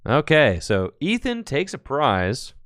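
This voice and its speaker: A man's voice: medium pitch, huge pitch swings, takes it slowly, a bit bright, no room sound, studio quality. A man casually commentating a card game tournament stream, rambling with jokey asides and answering chat.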